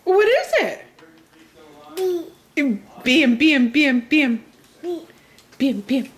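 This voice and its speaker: A woman's voice: high-pitched, very animated, very slow. A woman filming a home video at snack time, talking to her small children in cooing, sing-song baby talk.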